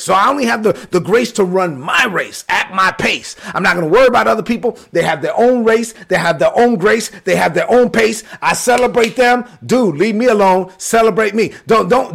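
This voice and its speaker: Brooklyn-accented male preacher, husky and fairly high-pitched, animated storyteller. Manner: animated storyteller, acts out quotes, sudden shouts. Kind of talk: sermon-style storytelling. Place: livestream with chat.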